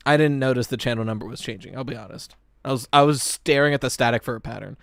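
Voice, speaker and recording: Reacting to a game trailer on a live stream, a man talks to his chat casually and excitedly, with plenty of casual swearing. He speaks fast in a mid-range, creaky voice, captured in a dry, studio-quality recording.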